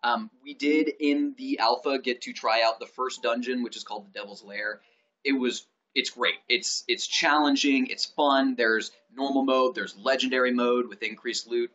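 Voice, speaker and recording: A man co-hosting a gaming channel, chatting excitedly about an upcoming game and promoting the channel's videos. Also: moderate pace. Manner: excited, pitching the channel, stumbling restarts. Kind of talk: casual game news chat. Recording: dull lo-fi sound.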